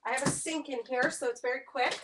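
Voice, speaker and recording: A woman's voice: sits high, steady tone, fast talker, background noise. A woman teaching a live-streamed mixed media art class, chatty and enthusiastic as she demonstrates. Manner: chatty and enthusiastic, gushing over colors.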